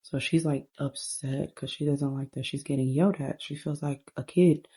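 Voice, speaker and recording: A woman with a low voice gives loose, chatty commentary over a life-sim game. She rambles through what her characters will do next. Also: steady tone, normal speed, dark tone, husky. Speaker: game streamer.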